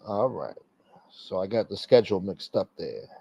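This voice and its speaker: A man's voice: deep voice, sing-song, normal speed, vocal fry, dark tone, slightly rough, lo-fi sound. A man hosting a casual livestream, reading out chat and rambling crudely with lots of swearing.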